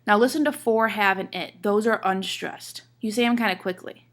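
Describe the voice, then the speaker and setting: A woman's voice: mid-range voice, steady tone, normal speed. A woman teaching a class, explaining step by step, checking in with her listeners and reading verse aloud with marked stresses. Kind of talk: classroom lecture on poetry.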